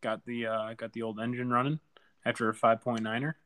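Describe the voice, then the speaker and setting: A man's voice: mid-range voice, level tone, fairly quick, fairly bright tone. A man co-hosting a casual fantasy football recap, blunt and trash-talking, laughing easily. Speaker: podcast co-host.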